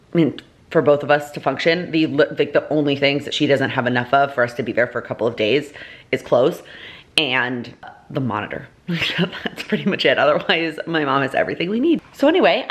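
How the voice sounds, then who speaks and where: This is a woman in her thirties with a low, deep-set voice, filming a casual vlog at home. She rambles chattily, piling up fillers like "like" and "um" and correcting herself mid-sentence. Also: fairly bright tone. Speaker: vlogger, mother. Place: home, kitchen table. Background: baby toy noises.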